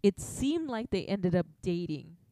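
A woman's voice: on the low side, big pitch swings, a little slow, warm tone, no room sound, studio quality. A woman hosting a podcast, telling a story in casual chat, swearing freely and laughing often. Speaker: podcast host.

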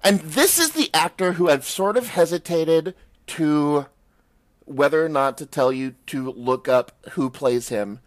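A man's voice: a little high, animated, unhurried, no room sound. A man recapping a TV show on a podcast in a loose, casual way, with lots of fillers. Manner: loose, rambling recap full of "like" and "um". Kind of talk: casual chat.

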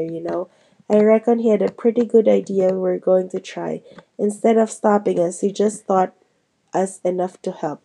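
A woman's voice: medium pitch, creaky, dark tone. A woman voicing an earnest, brave young teen boy wizard in a storybook reading, speaking his lines thoughtfully.

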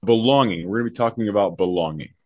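Low-voiced male principal co-hosting a podcast; reflective and unhurried, hunts for words. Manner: thoughtful, searching for words mid-sentence. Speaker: podcast co-host, school principal. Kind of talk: casual podcast conversation.

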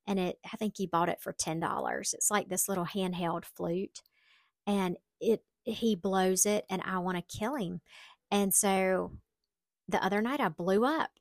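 A woman's voice: mid-range voice, no room sound. A middle-aged woman, hosting a solo podcast and chatting candidly with self-deprecating humor. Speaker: podcast host. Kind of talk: casual solo podcast talk.

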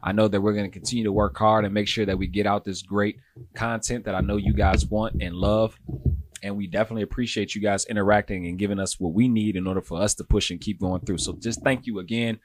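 A man co-hosting a casual podcast, rambling and halting as he talks to the listeners. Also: lowish voice, fairly even intonation. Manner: rambling, halting, with many fillers and restarts. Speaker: podcast co-host. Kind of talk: casual chat.

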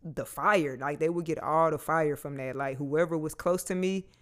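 Casting note: frank man, thirties, slightly higher voice, very clear and smooth, casual vlog delivery. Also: fairly even intonation, normal speed, a bit bright. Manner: casual, frank, swears freely. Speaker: vlogger. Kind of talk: candid personal talk to camera.

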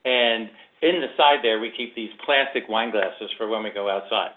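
Wry dad on a tinny line. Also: male voice, lowish voice, moderate pace. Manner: wry, teasing storyteller. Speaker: podcast guest, father of co-host. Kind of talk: casual chat.

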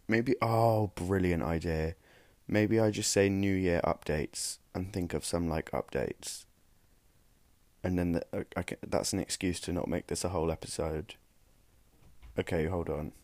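A man's voice: deep voice, darkish tone, no echo. A young man hosting a solo podcast, rambling and joking at himself while tired and worn out. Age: young adult. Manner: rambling, self-mocking, tired. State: exhausted. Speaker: podcast host. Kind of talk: casual solo podcast chat.

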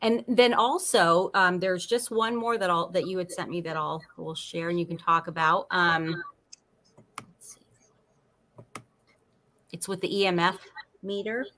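A woman's voice: on the low side, steady tone, a bit bright. A woman hosting a casual interview, reacting often with wows and small gasps. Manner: reacts with frequent wows and gasps, slow drawn-out speech. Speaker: host.

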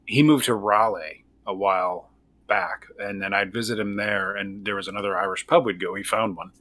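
A man's voice: fairly low pitch, lively intonation, normal speed, gravelly, fairly bright tone, dry recording. A man telling a funny story in casual chat, amused and joking, laughing along.

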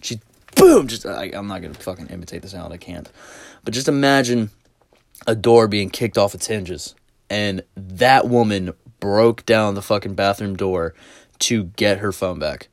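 A man's voice: on the low side, moderate pace, creaky, no room sound, studio quality. A man hosting a podcast, telling a rambling, profanity-laced story in a casual, amused way. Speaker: podcast host.

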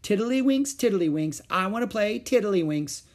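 A man's voice: high-pitched, sing-song, normal speed, husky, pitched above the performer's own voice, exaggerated voice. A man voicing a defiant, pesky four-year-old girl who whines and chants to get her way. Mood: insistent. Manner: whiny, insistent, chanting.

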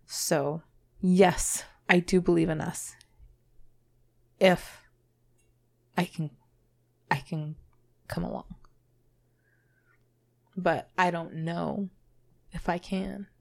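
A woman co-hosting a podcast, talking in a halting, self-doubting way and swearing casually. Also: fairly low pitch, steady tone, gravelly. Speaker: podcast co-host. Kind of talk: candid conversational podcast talk.

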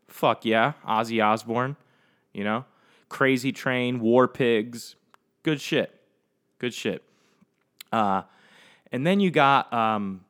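A young man hosting a solo podcast, rambling in a casual, profane, animated way and talking straight to his listeners. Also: mid-range voice, clean tone. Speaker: podcast host.

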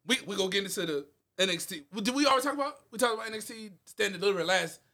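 A young man co-hosting a casual podcast chat, animated and slangy, rambling with lots of fillers. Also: high voice, racing. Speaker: podcast co-host.

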